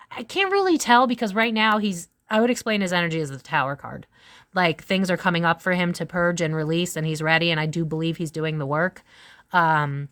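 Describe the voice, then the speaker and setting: A woman's voice: lowish voice, clean tone. A woman giving a casual tarot reading, rambling and swearing, with lots of "it's like" asides. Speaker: tarot reader.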